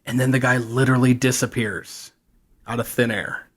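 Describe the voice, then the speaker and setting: A man's voice: mid-range voice, steady tone, moderate pace, fairly bright tone, husky. A man co-hosting a podcast in casual chat, telling a TV plot at length and acting out the characters' lines as he goes. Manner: rambling storyteller, acts out characters' quotes. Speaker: podcast co-host.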